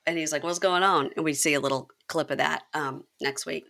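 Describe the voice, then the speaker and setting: A woman with a fairly low, bright, forceful voice hosts a casual chat. She recaps a reality show episode, acting out the quotes with lively swearing. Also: fairly quick, vocal fry. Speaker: podcast host recapping reality TV.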